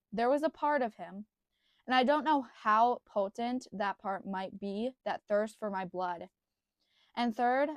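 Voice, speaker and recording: Slow-talking young woman gushing over books. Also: on the high side, dry recording, clean studio sound. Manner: gushing and earnest, circling back on her words. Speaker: book reviewer. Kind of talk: casual book review.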